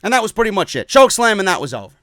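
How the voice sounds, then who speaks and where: Man, high lively voice, profane angry rant, dry close sound. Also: racing, dry recording. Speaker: wrestling show reviewer. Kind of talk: ranting show review.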